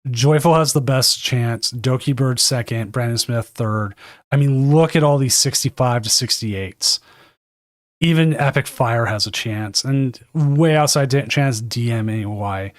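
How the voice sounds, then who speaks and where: A man with a mid-range voice, recorded dry in clean studio sound, runs a live card game tournament stream from a home desk. His commentary wanders in a chatty way, with frequent self-corrections.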